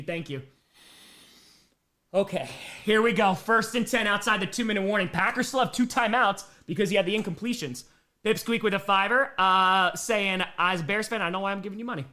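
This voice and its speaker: A man hosting a live play-by-play reaction stream, excitable and swinging from tense muttering to shouting, reading out and thanking viewer donations between plays. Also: high-pitched. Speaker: streamer and host.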